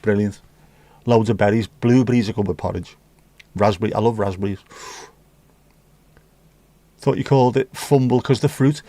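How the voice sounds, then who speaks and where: A chatty male livestream host reads the chat in his home room, trading cheeky banter with viewers. He speaks at a fairly low, mellow pitch and a moderate pace, pausing often, and the audio has no echo.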